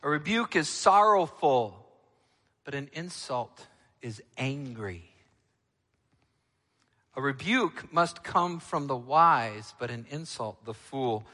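A male pastor preaching a sermon, emphatic, moving between loud, ringing lines and quiet, low ones. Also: expressive, takes it slowly, pauses often, big-room sound.

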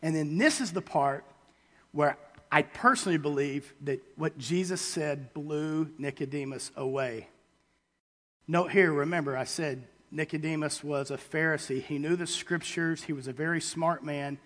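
Preacher with a hall echo. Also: male voice, a little high, a bit bright. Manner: paraphrases scripture in everyday voices, halting restarts. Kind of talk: sermon. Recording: long hall reverb.

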